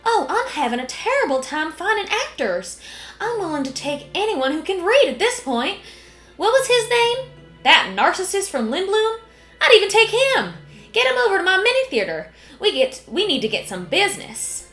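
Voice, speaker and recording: Gal doing a loud southern drawl theater lady, brash and bouncy, echoey room w/ game music. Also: big pitch swings, moderate pace, full character voice. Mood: brash, eager. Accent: put-on American Southern. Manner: playful, bouncy, high and loud. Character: brash woman theater owner in a letter.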